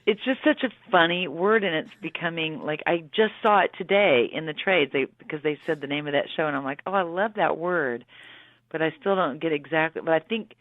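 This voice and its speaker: A woman's voice: sits low, brisk, few pauses, no room sound. Chatty American woman on a phone line. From United States. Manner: chatty, laughing, acts out quotes. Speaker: actress guest. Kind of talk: casual interview chat.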